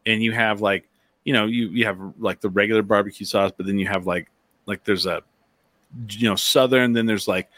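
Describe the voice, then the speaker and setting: A man's voice: fairly low pitch, steady tone, moderate pace, a bit bright, dry recording. A man chatting casually on a podcast, rambling and full of filler words. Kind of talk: casual chat.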